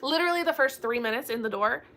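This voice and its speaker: A woman's voice: high voice, lively intonation, fast, pushed and bright. A young woman hosting a casual book chat, telling a bubbly story and acting out the quoted dialogue. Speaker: book channel host.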